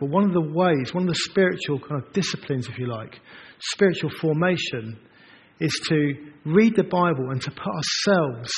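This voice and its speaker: Male pastor, fairly high voice, earnest and emphatic, dull roomy hall recording. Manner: earnest, emphatic, builds through repeated phrases. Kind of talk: sermon. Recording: dull, reverberant hall recording with faint noise.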